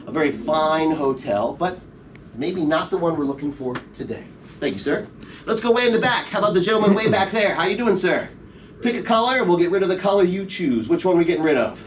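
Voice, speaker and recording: A middle-aged stage magician full of playful patter, his voice rising and falling in a lively, animated way as he jokes with volunteers. He sounds a little higher than most men. He is caught from a distance by a camera in the audience, with faint room noise underneath. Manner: playful, teasing audience banter. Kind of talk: live comedy magic show patter. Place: theater show room, recorded from the audience. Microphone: audience member's camera from the front row.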